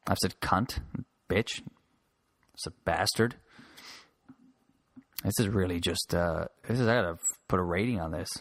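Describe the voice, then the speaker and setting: A man with a low voice hosts a solo podcast, talking briskly with a fairly bright tone. He rambles casually, swears freely and restarts sentences into a handheld mic held close, with no echo.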